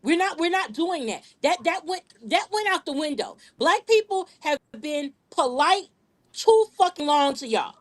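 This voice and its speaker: A woman's voice: high voice, very animated, a little slow. A woman hosting a live-streamed podcast, talking in an aggressive, profane, emphatic way and repeating words when heated. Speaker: podcast host.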